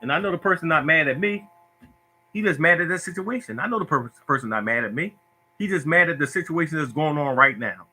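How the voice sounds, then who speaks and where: Preachy man with a bright voice. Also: fairly high pitch, expressive, a little fast, slight background noise. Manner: preachy, repetitive, emotional. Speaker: lottery tips host. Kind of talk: casual Facebook live talk. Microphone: phone.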